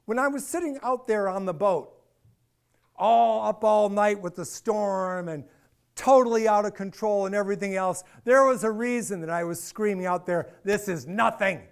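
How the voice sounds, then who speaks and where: A middle-aged man giving a personal storytelling talk, animated and acting out the dialogue. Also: high voice, clear, resonant tone. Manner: animated, acts out dialogue, repeats phrases for effect. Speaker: speaker and author.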